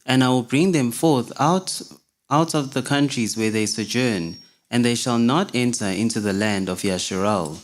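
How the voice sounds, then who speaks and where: A man reading Bible verses aloud at a steady, measured pace during a teaching. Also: mid-range voice. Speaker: scripture reader.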